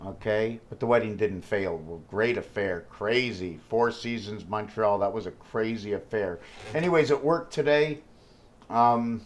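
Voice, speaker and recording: A man's voice: on the low side, measured pace, a little hiss or hum. A man talking alone to the camera in a rambling vlog, thinking aloud and hopping between numbers, wordplay and questions to himself. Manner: free-associating, jumps between numbers and wordplay; thinks aloud with many fillers and self-questions. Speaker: vlogger. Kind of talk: rambling solo vlog monologue.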